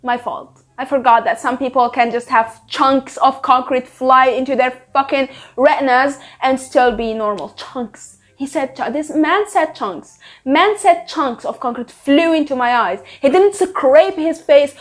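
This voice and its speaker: High-voiced young woman ranting sarcastically. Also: normal speed, few pauses. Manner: exasperated, profane, sarcastic ranting. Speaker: book reviewer. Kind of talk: casual book review rant.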